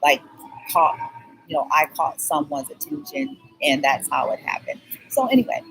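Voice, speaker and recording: A woman's voice: sits low, sing-song, moderate pace, creaky, a bit bright, faint music behind, poor audio. A woman vlogger telling a rambling personal story, keeps checking in with "okay?" and skipping details with "blah, blah".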